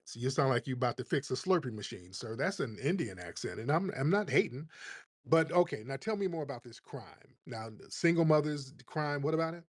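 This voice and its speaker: A man's voice: mid-range voice, animated, fairly quick. A man hosting a live online audio room, talking in a mocking, combative way and calling listeners family. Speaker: host. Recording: remote live-stream audio.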